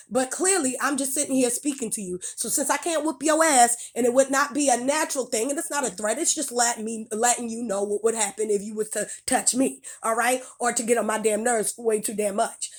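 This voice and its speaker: A woman's voice: fairly high pitch, fairly even intonation, a little fast, hardly any pauses. Heated woman speaking in AAVE. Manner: blunt, heated, profane, with many restarts and fillers. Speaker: commentator speaking to camera. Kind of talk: angry monologue.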